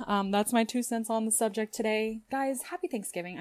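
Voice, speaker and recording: A woman's voice: medium pitch, animated, moderate pace, darkish tone, no echo. Young woman, podcast host, casual heartfelt chatter, dry booth sound. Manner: chatty and heartfelt, with fillers and laughs. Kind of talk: casual solo podcast talk.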